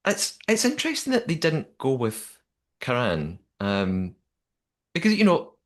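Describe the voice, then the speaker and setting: A man co-hosting a podcast in casual chat, chatty and animated, with frequent restarts. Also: mid-range voice, unhurried. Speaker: podcast co-host.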